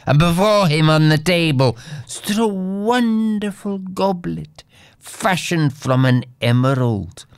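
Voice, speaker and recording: A man's voice: mid-range voice, no echo. A man reading an old fairy tale aloud in a dramatic way, dropping into whispers at tense moments. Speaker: storyteller.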